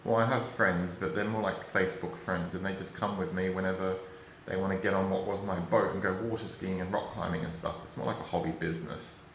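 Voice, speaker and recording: Australian man, low-pitched, rambling and frustrated personal vlog, roomy echo with faint ambience behind. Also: steady tone, fairly quick, fairly bright tone, a little hiss or hum. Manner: rambling, frustrated, emotional, swears. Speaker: vlogger. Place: at home, indoors.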